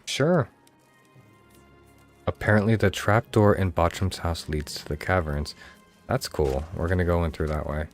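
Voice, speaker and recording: Deep-voiced man commentating a game. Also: measured pace, pauses often, faint music behind. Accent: Mid-Atlantic. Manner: chatty, joking, addresses chat. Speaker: game streamer. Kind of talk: casual gameplay commentary.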